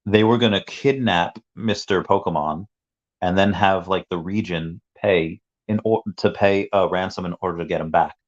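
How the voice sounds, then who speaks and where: Deep-voiced rambling male streamer. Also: moderate pace. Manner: rambling, with restarts and asides to chat. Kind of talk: casual livestream storytelling. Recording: dull lo-fi sound.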